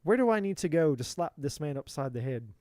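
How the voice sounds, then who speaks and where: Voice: mid-range voice, sing-song, fairly quick, darkish tone, no echo, clean studio sound. A tarot reader giving a live reading in a playful put-on British accent, swearing and exasperated in a theatrical way.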